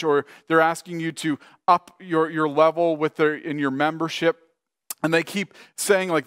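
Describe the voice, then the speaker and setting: A man's voice: on the high side, fairly bright tone, dry recording, clean studio sound. A man preaching a conversational sermon as pastor, often acting out imagined voices of everyday people. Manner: conversational, acts out imagined dialogue.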